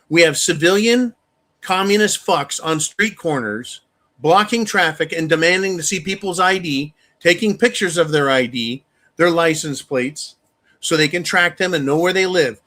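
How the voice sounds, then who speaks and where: A man hosting a live-stream rant, angry and profane, with sudden loud outbursts. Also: a little high, moderate pace. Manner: angry, profane, shouting bursts. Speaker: channel host.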